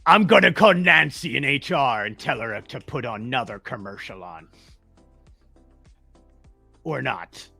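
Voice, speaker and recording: A man's voice: medium pitch, expressive, unhurried, gravelly, pauses often, bright, forceful tone, husky, faint music behind. A man co-hosting a podcast at home, chatting casually and rambling, with frequent laughs. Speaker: podcast co-host. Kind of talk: casual chat.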